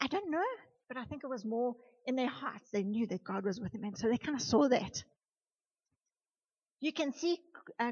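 A woman leading a youth group, giving an animated sermon and speaking straight to the young people in a church room. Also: high voice, husky. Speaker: youth leader. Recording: dull lo-fi recording.

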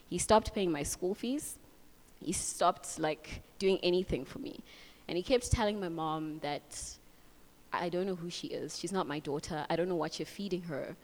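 A woman's voice: lowish voice, normal speed, darkish tone. A young woman from Africa giving a casual, heartfelt Bible reflection and personal testimony, with many fillers like "like" and "so". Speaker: speaker sharing a testimony. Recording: long hall reverb.

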